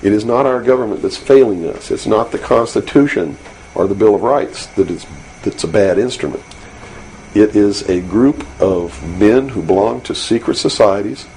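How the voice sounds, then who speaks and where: A man's voice: lowish voice, vocal fry, darkish tone, low-quality recording. A man as an interview guest, speaking earnestly and insistently, with many fillers and restarts. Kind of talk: recorded interview. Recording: faint hiss from an old 1992 interview tape.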